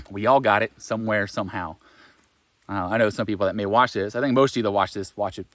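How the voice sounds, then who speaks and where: A man's voice: lowish voice, quick pace, fairly bright tone, dry recording. A man giving a frank, rambling monologue as a self-help vlogger, often swearing. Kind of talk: casual spoken monologue.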